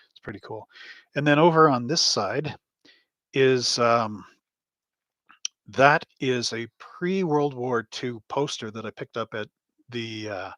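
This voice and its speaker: A man's voice: mid-range voice, sharp tone, dry recording. A man hosting a live stream from his home hobby room, chatting in a rambling, anecdotal way with frequent chuckles. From Canada. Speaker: host. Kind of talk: casual live stream chat.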